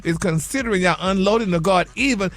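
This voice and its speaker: Sassy gossip man for a radio morning show: high, bright voice with a flamboyant delivery. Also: quick pace. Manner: flamboyant, sassy, peppers talk with honey and y'all. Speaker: gossip correspondent.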